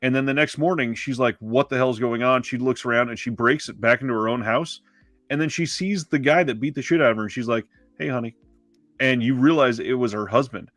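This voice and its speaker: A man's voice: medium pitch, quick pace, a bit bright, no echo, clean studio sound, soft background music. A man co-hosting a casual movie podcast, rambling and correcting himself with lots of fillers. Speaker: podcast co-host. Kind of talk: casual movie-review chat.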